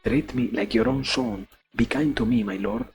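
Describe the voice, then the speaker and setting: A man's voice: mid-range voice, normal speed, darkish tone, lightly acted. A man reading as a meek young student. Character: young student pleading from inside his master.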